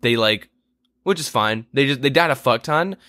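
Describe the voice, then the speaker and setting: A man's voice: mid-range voice, animated, normal speed, sharp tone, no echo, clean studio sound. A man co-hosting a casual gaming podcast, telling a long rambling story with lots of swearing and exasperated asides. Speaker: podcast co-host.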